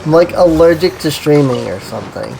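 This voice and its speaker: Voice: medium pitch, animated, a little fast, vocal fry, warm tone, a little hiss or hum, poor audio. A game streamer giving casual live-stream commentary, rambling with lots of "like" and an irritated, coughing throat. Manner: rambling, heavy use of "like". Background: game music.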